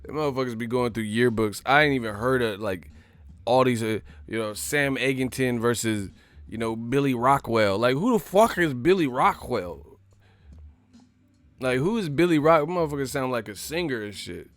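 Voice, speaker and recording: A man's voice: medium pitch, lively intonation, moderate pace, no room sound. Profane, laughing man on a live stream. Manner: loud, profane, laughing, slangy banter. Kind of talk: casual boxing commentary with comic impressions.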